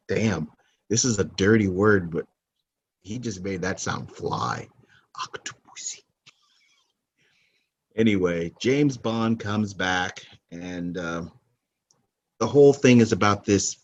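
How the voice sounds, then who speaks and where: A man hosting a movie countdown podcast, talking casually in a rambling, opinionated way that often corrects itself. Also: deep voice. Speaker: podcast host.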